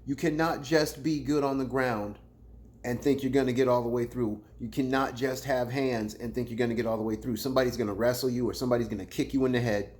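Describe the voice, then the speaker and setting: A man hosting a casual battle rap commentary show, talking in slang and swinging between loud, playful jabs and low, muttered asides. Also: fairly even intonation, fast talker.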